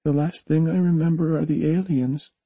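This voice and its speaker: Timid young girl in an audiobook, high and small, read by a male narrator. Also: steady tone, normal speed, warm tone, husky, dry recording. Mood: drowsy, uneasy. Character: sleepy frightened young girl.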